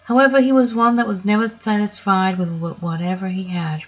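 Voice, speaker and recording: A woman reading a children's story aloud in a gentle, measured way. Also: lowish voice, slightly rough, highs cut off.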